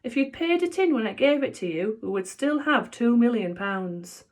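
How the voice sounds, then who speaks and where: Overwrought soft-hearted dad, put on by a woman reader, pitched way up, dramatic storybook voice. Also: animated, moderate pace, natural voice. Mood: emotional. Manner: gushing, overwrought. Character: emotional middle-aged father, soft-hearted and dramatic.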